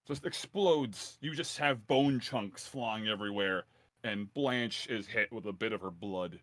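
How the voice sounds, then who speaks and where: A man narrating as game master of a tabletop game, animated and laughing along with his players. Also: fairly low pitch, no room sound. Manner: animated, laughing, quick to play out side voices.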